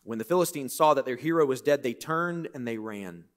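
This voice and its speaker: A man preaching a sermon in a church, reading scripture and breaking into lively, conversational, joking asides. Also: medium pitch, fairly quick. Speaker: pastor.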